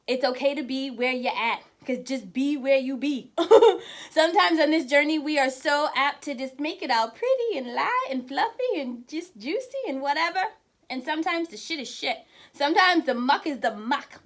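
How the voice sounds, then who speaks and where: A high-pitched woman hosts a casual, inspirational live stream. She is chatty and laughs often as she speaks straight to her viewers, calling out their names. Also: fairly bright tone. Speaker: host of a weekly live show.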